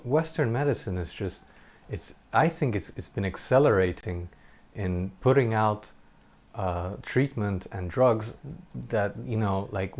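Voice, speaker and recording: A man's voice: on the low side, a little mellow. A man doing gameplay commentary, telling a personal story in an earnest, reflective way, often stopping and restarting his sentences. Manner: occasional short laughs while telling a story.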